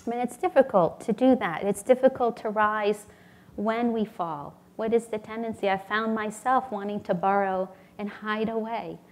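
A woman's voice: medium pitch, steady tone, normal speed. A woman giving a sermon at a spiritual community temple, earnest and storytelling, acting out little voices in her anecdotes.

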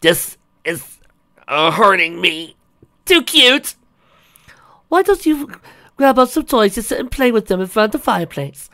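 A man's voice: sits high, very animated, unhurried, long pauses, bright, forceful tone, pitched above the performer's own voice, exaggerated voice. A man voicing a cheerful young adult mare who bakes, talking in a gushing, sing-song way.

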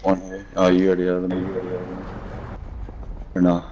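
Low-voiced young man, dry mockery. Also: completely flat delivery, unhurried, mellow, soft background music, poor audio. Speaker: gamer. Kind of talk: casual gaming chat.

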